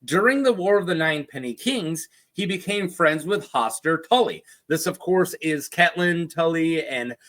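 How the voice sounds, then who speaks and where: Brief: high-pitched male lore host, casual and chatty, cracks jokes and puts on quick voices. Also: lively intonation, fairly bright tone. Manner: chatty, jokey asides with put-on quote voices.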